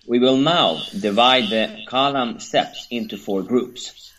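A man co-hosting a talk show, reading a history text aloud in a halting, hesitant way, with many fillers and stumbles over names. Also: mid-range voice, fairly bright tone, poor audio. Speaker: podcast co-host.

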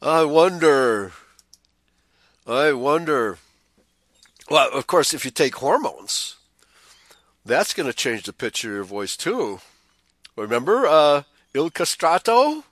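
A man with a fairly high, fairly bright voice hosts a commentary show, reading news items aloud and tossing in sarcastic, scornful asides. He's very animated yet a little slow, often chuckling and stumbling over repeated words, with no room sound.

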